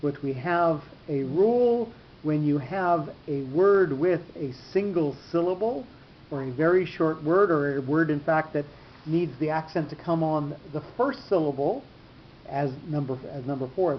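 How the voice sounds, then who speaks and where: A man teaching a class on cantillation marks. He explains patiently, rephrases often, and fills pauses with ums. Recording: dull lo-fi recording with faint rumble.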